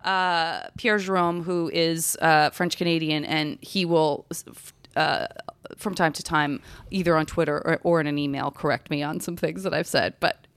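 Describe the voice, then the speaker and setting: A woman's voice: sits low, steady tone, normal speed, clean tone, dry recording. A woman hosting a podcast in casual conversation, chatty and eager, often chiming in to agree. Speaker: podcast host.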